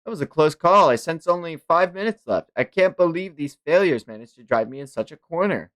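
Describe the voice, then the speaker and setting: A haughty ancient god villain, a guy doing him, cold and sneering, swings between low and sharp, bright edgy tone, a read-along voice. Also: lively intonation, brisk. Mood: scornful. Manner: contemptuous, commanding, taunting.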